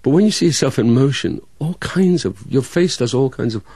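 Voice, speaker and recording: A man's voice: medium pitch, lively intonation, warm tone, breathy edge, dry recording. A man from Scotland, an actor, with a hybrid Scottish, English and American accent, chatting in an interview and restarting his sentences often. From Scotland, Dundee. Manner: halting, many restarts and fillers. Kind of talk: casual interview chat.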